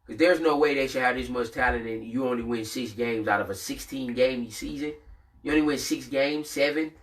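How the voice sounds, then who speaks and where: A man co-hosting a casual sports talk show, emphatic and animated, repeating his points. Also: mid-range voice, fairly quick, distant mic. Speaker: co-host.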